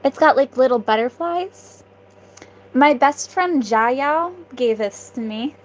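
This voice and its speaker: A woman's voice: sits high, expressive, slow pace, low-quality recording. A young woman streaming live, chatting with viewers in an offhand way and laughing often. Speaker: livestreamer. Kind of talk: casual livestream chat.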